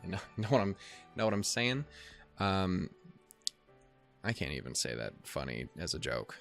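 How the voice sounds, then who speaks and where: A man's voice: a bass voice, lively intonation, normal speed, creaky, a bit bright, no echo, faint music behind. A young man hosting a let's play, rambling and swearing with self-mocking jokes and stumbling over the game text he reads aloud. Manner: rambling, profane and self-mocking, with goofy put-on quotes. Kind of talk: casual let's play commentary.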